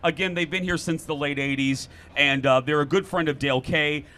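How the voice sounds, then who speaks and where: A man hosting a talk show outdoors at a fair, telling stories in a lively, joking way. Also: fairly high pitch, a little fast. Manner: lively, jokey storytelling. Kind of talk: casual chat.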